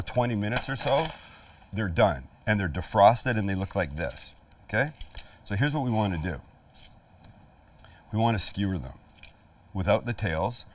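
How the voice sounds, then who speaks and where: A middle-aged man hosting a casual cooking demonstration, chatty and joking as he talks the viewer through each step. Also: lowish voice. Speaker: cooking show host. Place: outdoor kitchen at a flat-top grill. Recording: voice a little far from the mic, faint sizzle. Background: sizzling food on the grill.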